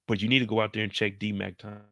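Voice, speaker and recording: A man giving energetic, slangy recap commentary on a TV episode. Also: on the low side, quick pace, gravelly, no echo. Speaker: show recap host.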